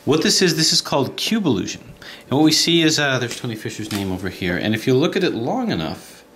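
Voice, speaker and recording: A man talking casually at home at night, unboxing and demonstrating a puzzle with eager, chatty enthusiasm. His pitch swings widely as he talks, and steady hiss and clicks run under the home recording. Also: fast talker. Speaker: puzzle collector and video host. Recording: noisy home video with clicks.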